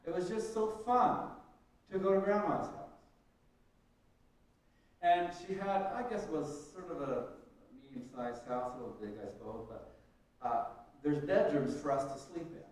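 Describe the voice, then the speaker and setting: A man from Canada preaching at church, telling a personal story that swings between hushed moments and emphatic ones. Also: mid-range voice. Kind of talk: storytelling sermon. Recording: echoey church room, mic at a distance.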